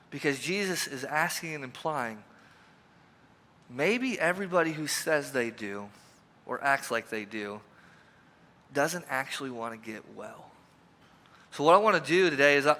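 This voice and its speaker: A pastor giving a conversational, emphatic sermon, asking the congregation repeated questions, recorded in a church sanctuary. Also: male voice, on the high side, bright, forceful tone. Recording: reverberant church hall.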